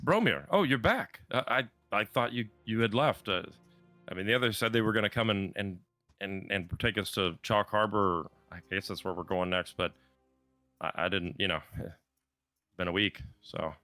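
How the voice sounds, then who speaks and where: A man voicing a small, nervous young male knife-juggler in a tabletop game, stammering and hurried. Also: fairly low pitch, sharp tone, dry recording, soft background music.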